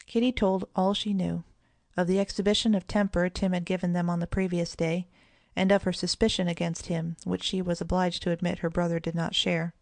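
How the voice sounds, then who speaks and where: A woman narrates a children's storybook in a gentle, even way. Her voice sits low with a gravelly edge of vocal fry. The recording is close and dry, with no room sound. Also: a little fast, dry recording. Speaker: audiobook narrator.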